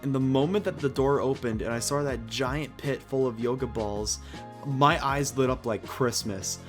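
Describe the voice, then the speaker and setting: A young man co-hosting a podcast, excitable and laughing often as he tells stories and swears in casual chat. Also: mid-range voice, normal speed, over music. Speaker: podcast co-host.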